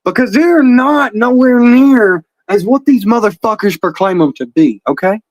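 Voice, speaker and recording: A man's voice: high voice, expressive, moderate pace, no echo, lo-fi sound. A man hosting a livestream, taunting a rival in a heated, profane, mocking rant. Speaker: livestream host.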